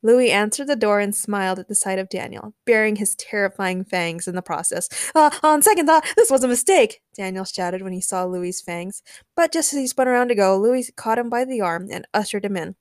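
A woman's voice: mid-range voice, steady tone, brisk, dry recording, clean studio sound. A woman hosting a podcast, chatting enthusiastically and narrating a story. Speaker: podcast host. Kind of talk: casual chat and story narration.

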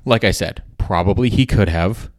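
This podcast host speaks at normal speed in a fairly low, slightly mellow voice, recounting a rambling story that keeps circling back on itself, with curses thrown in for emphasis. There's no room sound; the audio is close and dry.

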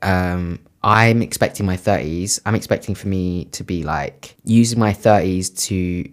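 A woman's voice: a bass voice, measured pace. A woman, co-hosting a casual podcast chat, slangy and swearing freely. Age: 20s. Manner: slangy, swearing, animated storytelling. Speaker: podcast co-host.

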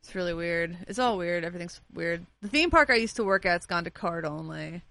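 A woman's voice: on the low side, fairly quick, creaky, no room sound. Chatty tired woman telling stories. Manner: chatty storyteller, animated retellings. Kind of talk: casual chat.

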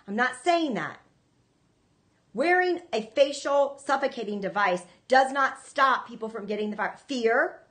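A woman's voice: fairly high pitch, a bit bright. A woman hosting a ministry show, preaching to viewers in an earnest, emphatic way, often repeating herself. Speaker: ministry host.

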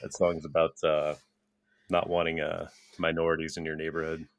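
A man's voice: very deep voice, monotone, moderate pace. A young man co-hosting a podcast, telling stories in a loose, rambling way, swearing and laughing often. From Japanese-American. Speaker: podcast co-host. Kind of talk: casual chat, storytelling.

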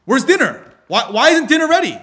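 A man voicing a short-tempered father who loudly demands his dinner, in bursts of sharp outbursts. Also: very high-pitched, big pitch swings, brisk, pitched above the performer's own voice, heavily acted. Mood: angry.

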